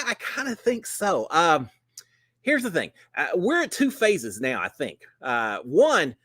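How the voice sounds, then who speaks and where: A man's voice: a little high, fairly bright tone, husky, no echo, clean studio sound. A middle-aged man hosting a casual livestream chat, folksy and upbeat, with plenty of "uh" fillers. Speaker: host.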